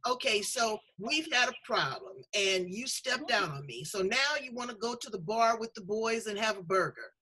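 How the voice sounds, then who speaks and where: Talk host, woman, middle-aged, bright and slightly husky, folksy and emphatic. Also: fairly high pitch, lively intonation, normal speed, few pauses, rough recording. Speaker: show host. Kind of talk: casual talk-show conversation.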